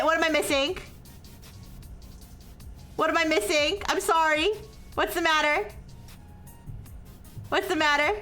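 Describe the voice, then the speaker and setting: A high, bright woman's voice that walks through equations at an unhurried pace, checking in after each step and turning flustered and apologetic when her chat corrects her. Faint music plays softly behind her. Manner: explains step by step with frequent "okay?" and "all right?" checks; self-described as highly caffeinated. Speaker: streamer working through a math problem. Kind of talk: live-stream explaining math to chat.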